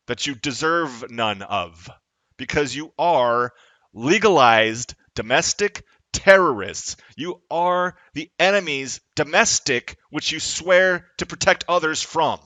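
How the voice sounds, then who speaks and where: Angry man ranting, bright and dry. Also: medium pitch, dry recording. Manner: angry, profane, rising to shouts. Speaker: vlogger. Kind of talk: confrontational political rant.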